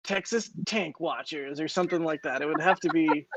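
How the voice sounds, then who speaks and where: A man's voice: a little high, brisk, lo-fi sound. A man co-hosting a casual livestream, joking and rambling with frequent restarts. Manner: joking, rambling, self-interrupting. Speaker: livestream co-host.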